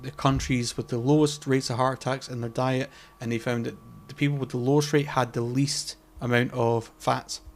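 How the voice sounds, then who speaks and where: A man in a loose podcast conversation, circling his point through ums, false starts and the odd swear word. His voice sits at an ordinary middle pitch for a man. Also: level tone, moderate pace, hardly any pauses. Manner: rambling, many fillers and restarts, swears casually. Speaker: podcast co-host. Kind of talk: casual chat.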